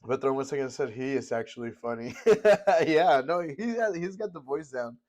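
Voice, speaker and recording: A hoarse male streamer whose voice is nearly gone, chatting loosely, reading chat aloud and laughing as he reacts to clips. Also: mid-range voice, animated, normal speed, darkish tone. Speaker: streamer host.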